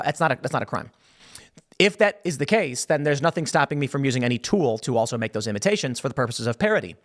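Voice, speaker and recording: A man hosting a show, talking through the news in casual, opinionated commentary. His voice sits a little high for a man, and he keeps throwing out rhetorical questions. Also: a bit bright. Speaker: show host.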